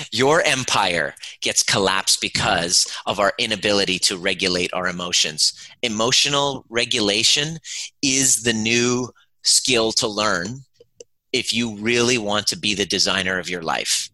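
Earnest male podcast guest, low and very bright voice, dry close-mic sound. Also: measured pace, no echo, poor audio. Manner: earnest, emphatic, acts out dialogue in his stories. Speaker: podcast guest, emotional healing teacher. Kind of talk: conversational interview, storytelling.

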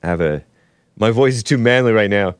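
A man's voice: lowish voice, brisk, clean tone, no room sound, studio quality. Sarcastic rambling male show host. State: a little under the weather. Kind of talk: solo political commentary stream.

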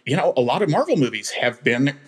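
Husky man critiquing a movie emphatically. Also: mid-range voice, big pitch swings, quick pace. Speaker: film critic podcast panelist. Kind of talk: casual panel discussion.

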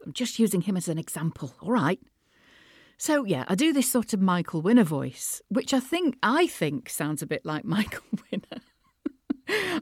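Animated, self-amused woman voice actor. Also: fairly low pitch, no echo, studio quality. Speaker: voice actor and podcast host. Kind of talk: reflective podcast monologue.

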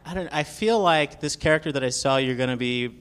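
A man hosting an interview podcast, playful and laughing along, with quick interjections. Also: fairly high pitch, a bit bright, clear, resonant tone. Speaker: podcast host. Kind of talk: casual interview chat.

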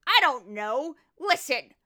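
Brief: a woman doing a brassy older woman TV judge, high and loud, boastful and scattered. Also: sing-song, slow pace, exaggerated voice. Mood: blustering.

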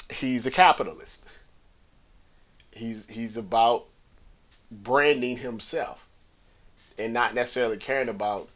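A man hosting a podcast, talking through sports media in a casual, rambling way and pushing his voice up to stress a point. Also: on the low side. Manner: conversational, talks in circles, rising emphasis on key points. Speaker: podcast host. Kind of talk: casual solo commentary.

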